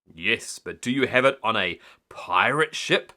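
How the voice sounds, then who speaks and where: A man's voice: fairly low pitch, lively intonation, measured pace, bright, forceful tone, full character voice. A man voicing a cheerful, fun-loving father pig in a storybook reading, jolly and showy.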